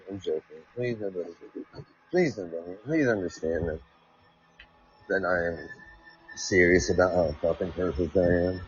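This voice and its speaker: Recorded at his job amid coworkers, a man with a low voice runs a rambling solo podcast full of reading, ranting, and profane, sarcastic self-mockery. There's slight background noise, and the lo-fi sound is dull with faint music.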